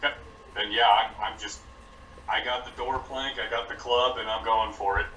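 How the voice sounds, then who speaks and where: A man's voice: on the low side, fairly even intonation, moderate pace, bright, forceful tone, far from the mic, slight background noise. Man playing from across an echoey room. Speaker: player. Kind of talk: casual tabletop play.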